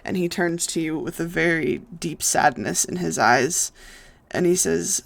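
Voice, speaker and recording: A game master narrating a tabletop game in a relaxed, filler-heavy way. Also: mid-range voice, unhurried, gravelly.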